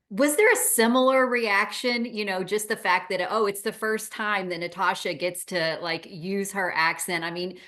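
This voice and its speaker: A woman's voice: on the low side, fairly bright tone. A woman hosting an interview, asking questions enthusiastically with frequent fillers and laughs. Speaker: interviewer host. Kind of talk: casual interview chat.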